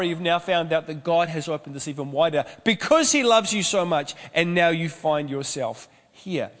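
A man's voice: high-pitched, fairly bright tone, in a large hall. A man preaching a sermon as pastor, mixing storytelling and humorous asides.

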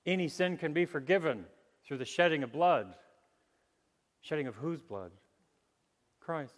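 A man preaching a sermon, animated, chuckling and acting out the voices of the people he quotes. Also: a little high, measured pace. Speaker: pastor. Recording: long hall reverb.

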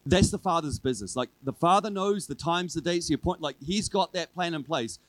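A man preaching a sermon to his church in a relaxed, conversational way, driving his points home with repeated refrains. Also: a little high, moderate pace, dry recording, poor audio. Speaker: pastor. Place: church service with a congregation.

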